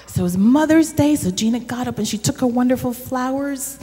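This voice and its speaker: A woman leading a children's corner in church, telling a story in an animated way that speaks directly to the children. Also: high-pitched, slight background noise. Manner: slow and animated, addressing children. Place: church sanctuary. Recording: reverberant church hall.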